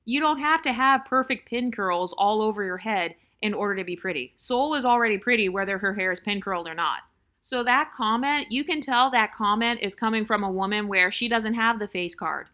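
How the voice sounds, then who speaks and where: A woman's voice: medium pitch, normal speed, bright, forceful tone. A woman vlogger giving blunt, opinionated commentary on online comments, repeating her points for emphasis.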